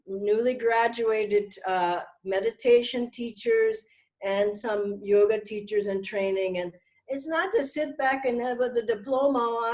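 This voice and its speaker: A middle-aged woman giving a gentle, earnest spiritual talk to her followers, slowing down to stress key words. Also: fairly high pitch, rough recording. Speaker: spiritual teacher.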